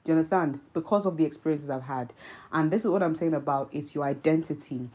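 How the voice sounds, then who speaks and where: Low, mellow Nigerian-British woman host. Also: quick pace, poor audio. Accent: Nigerian with British influence. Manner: earnest, reflective, many ums. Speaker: vlog host. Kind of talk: casual commentary to camera.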